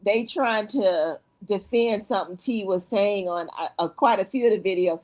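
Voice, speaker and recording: A woman's voice: mid-range voice, normal speed. A woman chatting as a guest on a live stream, telling stories and acting out her own reactions in quoted asides. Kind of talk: animated casual chat.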